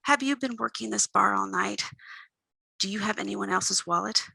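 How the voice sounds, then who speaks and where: Gravelly, menacing tough guy, slow and clipped, read by a woman author. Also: pushed and bright, no echo, heavily acted, poor audio. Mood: interrogating. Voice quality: low gravelly voice. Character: gruff tough man, menacing and mocking.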